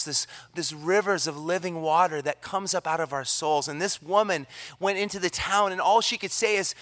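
Bright-voiced preaching man, fervent. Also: a little high. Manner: energetic preaching, swings from loud emphasis to hushed near-whisper. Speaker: pastor. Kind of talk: sermon. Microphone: handheld or stand microphone.

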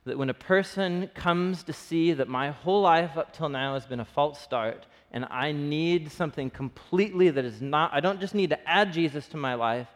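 A pastor with a Texan accent preaching a sermon in a conversational, earnest way that is often broken up by laughs. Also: male voice, on the high side. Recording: long hall reverb.

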